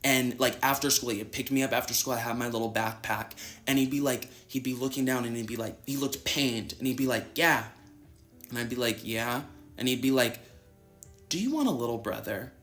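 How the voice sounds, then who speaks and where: A man's voice: mid-range voice, level tone, fast, few pauses, fairly bright tone, soft background music. A young man from Dallas telling a long personal story in a casual, dramatic way, acting out what other people said. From Dallas, Texas. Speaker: storyteller in a played clip.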